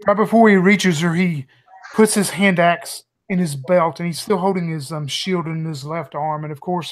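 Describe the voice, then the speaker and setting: A man playing a tabletop game, describing his character's actions in an earnest, dramatic way. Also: a little high. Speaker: player. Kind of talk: in-character narration.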